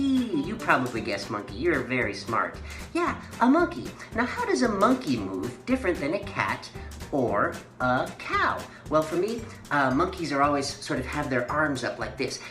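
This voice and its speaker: A woman teaching children a playful mime and movement lesson, giving sing-song, encouraging instructions. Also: sits low. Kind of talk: guided movement lesson for kids. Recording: echoey room with faint music.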